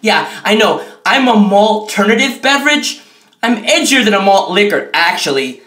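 A man voicing a meek male alcopop bottle in a comedy sketch, talking softly and eager to please. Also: high-pitched, very animated, normal speed, echoey room, voice pushed down, exaggerated voice.

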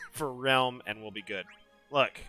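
Bright lively man hosting a gaming stream. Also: medium pitch, takes it slowly, faint music behind. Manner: laughs a lot, teasing. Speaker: podcast host. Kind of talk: casual gaming stream chat.

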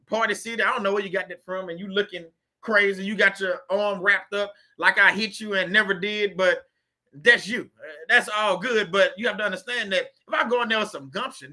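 A man hosts a casual motivational talk rooted in faith. His voice sits high and rings very bright and sharp. He preaches in loose, everyday speech and repeats phrases to drive his points home. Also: a little fast. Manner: preachy and repetitive, colloquial. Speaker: host.

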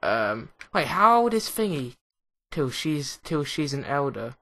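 A young man with an English accent gives rambling, excitable let's play commentary, often mocking himself. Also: on the high side, unhurried. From England. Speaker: gaming commentator.

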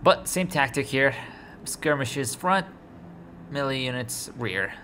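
A man's voice: medium pitch, slow. A man giving casual, rambling commentary while playing a strategy game, stumbling over words and talking at the screen. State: sleepy, yawning. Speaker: let's play gamer. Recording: steady background noise.

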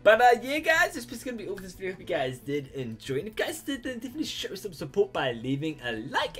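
An excitable man talks through a reaction video, his voice sitting a little high and leaping up and down as he exclaims and laughs. Faint music plays behind him. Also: fast. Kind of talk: casual reaction commentary.

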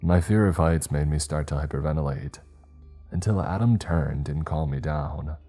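In a slow, measured reading of a scripted horror story, a man speaks with an extremely low, dark voice that's mellow and heavy, with a breathy edge. Faint music plays quietly in the background.

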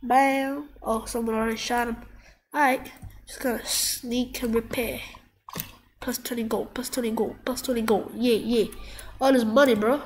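A woman commentating her gameplay while sick and coughing, excitable, yelping and trash-talking at the screen. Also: on the high side, normal speed, slight background noise. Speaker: gamer.

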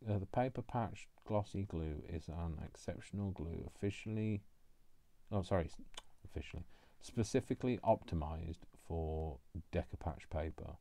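A man's voice: deep voice, warm tone, no echo. A man talking casually while he crafts, rambling and teasing himself along the way. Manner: rambling, self-mocking asides. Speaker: craft vlogger.

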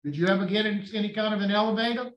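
A man on a parole board fires stern, pointed questions in a fairly high voice. He sits well back from the mic, and the room around him echoes. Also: racing, fairly bright tone, distant mic, muffled recording. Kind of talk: hearing interrogation.

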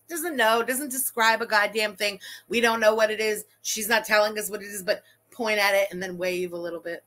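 A woman's voice: mid-range voice, moderate pace, few pauses, sharp tone. A woman streamer giving profane, mocking, sarcastic reaction commentary during a live stream.

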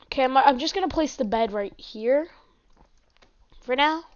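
A woman's voice: high-pitched, animated, normal speed. A woman hosting casual gameplay commentary from home, chatty and giggly, chatting to her pets along the way. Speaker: gaming channel host. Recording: dull lo-fi mic.

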